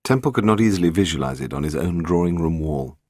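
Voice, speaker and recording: A man narrating a detective novel aloud in a measured, expressive manner. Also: sits low, dry recording. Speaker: audiobook narrator. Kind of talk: scripted narration.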